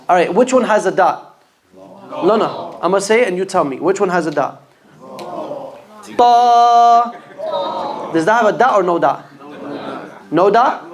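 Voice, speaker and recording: A man teaching a class how to pronounce letters for Qur'an reading, patiently repeating each sound and quizzing his students. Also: high-pitched. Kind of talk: classroom lesson on letter pronunciation. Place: mosque classroom.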